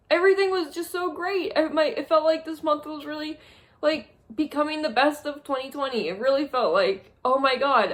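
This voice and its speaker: A young woman talks to her camera from a small spare room, her voice high and wavering as she holds back tears. She sounds drained and numb, stopping and restarting as she speaks. Her delivery is halting and heavy. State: on the verge of tears. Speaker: vlogger. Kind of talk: tearful monthly review vlog.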